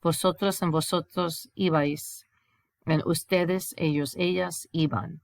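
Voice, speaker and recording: A woman's voice: on the low side, steady tone, measured pace, creaky, no echo. A woman teacher recording a grammar lesson over slides, explaining step by step and reading example sentences aloud before translating them. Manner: explains step by step, reads examples in Spanish then English. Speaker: Spanish teacher.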